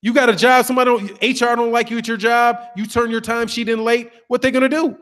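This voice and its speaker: A middle-aged man hosting a boxing channel, talking in a casual, animated, profane monologue. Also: very high-pitched, fast. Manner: animated, profane, acts out voices of others.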